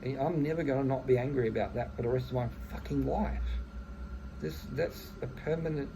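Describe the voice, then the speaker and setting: A man's voice: mid-range voice, a little fast, background noise. A man, venting bluntly in a casual monologue, swearing heavily and often restarting his phrases. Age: 30s. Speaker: vlogger.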